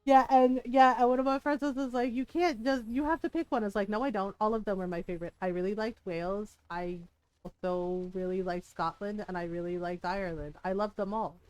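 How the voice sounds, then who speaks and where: A woman's voice: mid-range voice, steady tone, brisk, a little mellow, smooth, no room sound. A woman streamer telling a rambling story in casual chat while she plays, giggling often. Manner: chatty, giggly, rambling with restarts. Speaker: game streamer.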